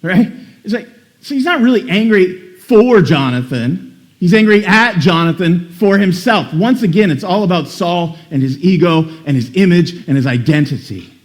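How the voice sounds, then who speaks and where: Animated man preaching a sermon. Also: high voice, moderate pace. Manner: animated, reads scripture then comments with dramatic emphasis; casual asides with repeated word restarts. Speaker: pastor.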